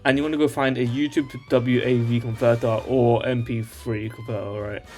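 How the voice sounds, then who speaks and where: A man's voice: medium pitch, level tone, brisk, a little mellow, soft background music. Male tutorial host, casual and rambling, checks in with "alright?" constantly. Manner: rambling, tags lines with "alright?". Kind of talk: casual screen-share tutorial.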